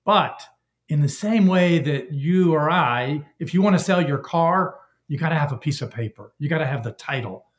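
A man speaking as a historian guest on a panel, explaining with lively everyday examples. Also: on the high side, moderate pace, roomy sound. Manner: animated storytelling with everyday examples.

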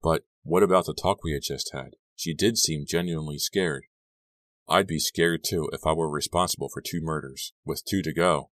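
Deep deep voiced guy narrating a story, steady, dry close mic. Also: normal speed, no echo. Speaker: audiobook narrator. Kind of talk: scripted first-person narration.

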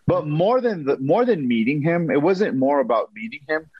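A man's voice: on the high side, moderate pace, breathy edge, dry recording. Guy telling a story on a podcast, acts out the quotes, kinda muffled and dry. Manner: animated, acts out quotes, repeats himself. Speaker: guest. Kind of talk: storytelling in a casual interview.

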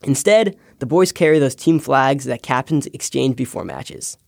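A young man, a podcast intern, reading a scripted personal essay with wry, deadpan asides. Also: medium pitch, moderate pace, vocal fry, dry recording, clean studio sound. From United States. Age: young adult.

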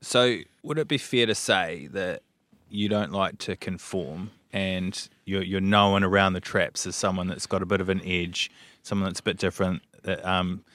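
A man's voice: sits low, fairly even intonation, normal speed, fairly bright tone, no echo. A man hosting a podcast interview, asking playful, teasing questions. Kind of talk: casual interview chat.

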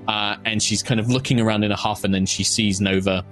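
A man's voice: lowish voice, steady tone, fairly quick, a bit bright, faint music behind. A man narrating a tabletop game as game master, rambling with many fillers. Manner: rambling, filler-heavy description.

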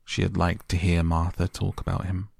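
A man narrating a classic novel softly and calmly as a bedtime story. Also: low voice, normal speed, vocal fry, husky, dry recording, studio quality. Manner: gentle, calm. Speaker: audiobook narrator. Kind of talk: soft bedtime story reading.

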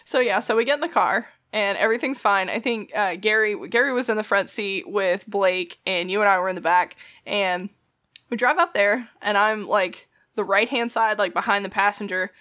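Young woman co-host, quick joking delivery, casual cursing. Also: medium pitch, fairly bright tone. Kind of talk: casual storytelling chat.

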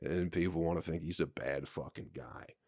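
A man's voice: very deep voice, moderate pace, creaky, darkish tone, no echo, clean studio sound. A man hosting his podcast alone, hungover and ranting in a profane, exasperated, rambling way that circles back to the same complaints. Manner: rambling, repeats himself. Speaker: podcast host. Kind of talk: solo podcast rant.

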